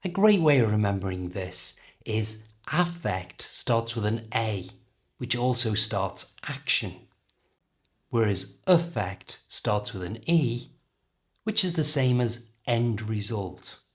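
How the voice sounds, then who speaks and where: A middle-aged man with a British accent teaching an English lesson, carefully and clearly modelling how words are pronounced. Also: on the low side, lively intonation, takes it slowly. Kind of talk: language lesson.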